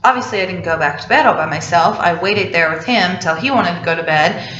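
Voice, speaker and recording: A woman's voice: lowish voice, fairly quick, fairly bright tone. Young woman chatting in an echoey room. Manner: chatty, many "like" fillers. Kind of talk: casual storytelling. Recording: roomy, slightly dull recording.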